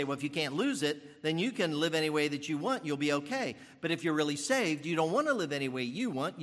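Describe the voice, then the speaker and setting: A man's voice: fairly high pitch, sharp tone, in a large hall. An older man preaching a sermon as pastor, thinking aloud with fillers and restarts.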